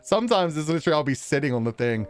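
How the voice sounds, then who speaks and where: A man's voice: a little high, sing-song, rapid-fire, smooth. A man chatting casually on a livestream, reading chat messages, laughing often and poking fun at himself. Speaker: game streamer reading chat.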